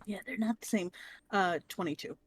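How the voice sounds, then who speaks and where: A woman's voice: mid-range voice, moderate pace, slight background noise. Casual woman tabletop player. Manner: casual, easygoing. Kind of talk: playing a tabletop game.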